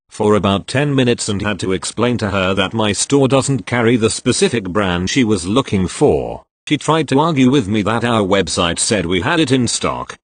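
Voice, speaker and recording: A man reading online retail stories aloud with an expressive storytelling delivery. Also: on the low side, no echo. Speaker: story reader.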